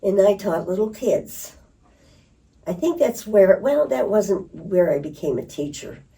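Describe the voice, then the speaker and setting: A woman's voice: medium pitch, a little slow, vocal fry. An older woman telling stories in an interview, laughing and acting out voices. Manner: lively storyteller who laughs and acts out voices. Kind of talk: reminiscing storytelling. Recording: distant mic.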